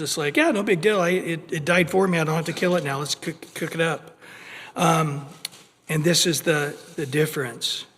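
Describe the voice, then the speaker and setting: A male pastor with a high voice teaches in a lively, conversational way, often restarting and repeating words as he acts out little everyday scenes. His voice carries a long reverb from the church hall. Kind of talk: expository sermon. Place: church sanctuary.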